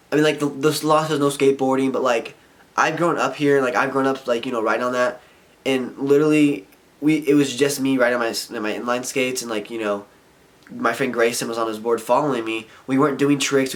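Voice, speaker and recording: Young male vlogger, mid-pitched, frustrated casual rant with lots of fillers. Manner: frustrated rambling, heavy filler "like". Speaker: vlogger and skater. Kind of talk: casual ranting vlog.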